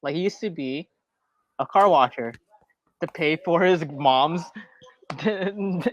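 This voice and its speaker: A man co-hosting a casual podcast, voice a touch high, rambling with frequent restarts. The sound is dull and lo-fi, close and completely dry. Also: slow, fairly bright tone, no echo. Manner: rambling, restarts often, many fillers. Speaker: podcast co-host. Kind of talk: casual show review chat.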